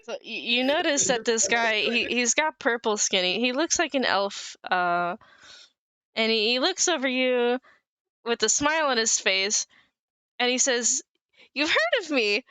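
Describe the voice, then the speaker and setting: A woman narrating a tabletop role-playing game as game master, casual and halting with fillers. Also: fairly high pitch, animated, bright, forceful tone, clear, resonant tone, no echo.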